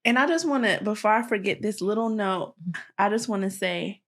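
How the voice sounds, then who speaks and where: A woman's voice: mid-range voice, a little fast. A woman co-hosting a podcast in casual chat, listening supportively and finishing her partner's sentences. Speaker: podcast co-host.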